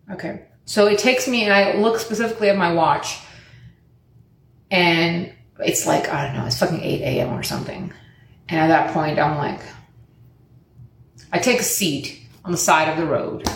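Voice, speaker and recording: A woman's voice: gravelly, roomy sound, slight background noise. A young woman telling a casual story and acting out the quoted lines, swearing often. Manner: animated, acts out quoted lines in higher pitch, swears often.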